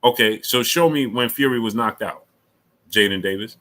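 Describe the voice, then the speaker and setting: A middle-aged man hosting a casual live stream, reading super chats, repeating himself and climbing high when he argues. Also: normal speed, rough recording. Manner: animated, repeats himself, rises sharply when arguing.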